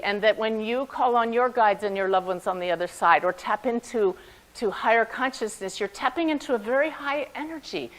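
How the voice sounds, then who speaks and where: A woman, a medium, telling lively personal stories to a conference audience, often laughing as she speaks. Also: a little high, rough recording. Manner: animated anecdotes with frequent laughter. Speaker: medium giving a talk. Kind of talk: storytelling talk to an audience.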